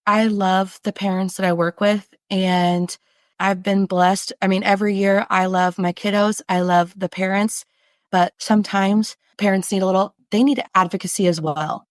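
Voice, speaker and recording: In a relaxed podcast interview, a woman who teaches special education chats earnestly, voicing the words of parents and students. Her voice sits at medium pitch with fairly even intonation, moving at a moderate pace in a room without echo.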